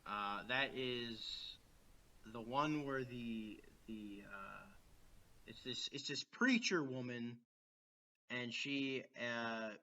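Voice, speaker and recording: A man's voice: mid-range voice, drawn-out words, sharp tone. A man co-hosting a podcast, chatting casually and laughing often while recording remotely from home. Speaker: podcast co-host. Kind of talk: casual chat.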